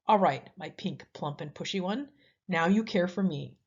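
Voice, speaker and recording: A woman's voice: fairly low pitch, normal speed, slightly rough, highs cut off. Woman doing a bossy cackling sand creature.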